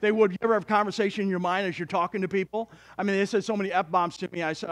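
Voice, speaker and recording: A male pastor preaching a sermon in an animated, joking way, with many restarts. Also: sits high, fast, few pauses.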